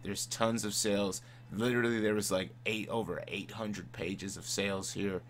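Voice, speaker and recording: A man with a somewhat low voice co-hosts a casual gaming podcast. He sounds laid-back and chuckles easily while listing game deals. A faint electrical hum sits under the recording. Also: fairly even intonation, normal speed. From Midwest. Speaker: podcast co-host.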